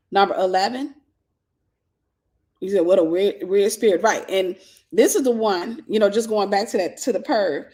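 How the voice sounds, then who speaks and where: A woman hosting a casual advice talk for viewers, telling stories and acting out the voices of the people in them. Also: mid-range voice. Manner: animated storytelling, acting out quoted voices. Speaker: host.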